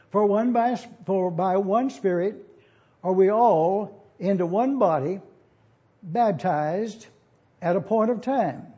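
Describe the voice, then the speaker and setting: Homem pregador didático com voz aguda e abafada. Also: male voice, high-pitched, mellow, lo-fi sound. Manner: deliberate and didactic, spells out Greek words letter by letter, clears his throat often. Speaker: preacher teaching a Bible lesson. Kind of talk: expository Bible teaching.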